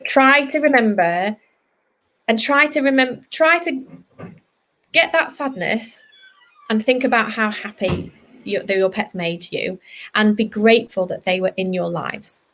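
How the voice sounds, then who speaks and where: A woman vet giving a gentle, reassuring lesson to children, talking straight to them in an earnest way. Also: on the high side, measured pace, pauses often. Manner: soft, reassuring and earnest, talks straight to kids.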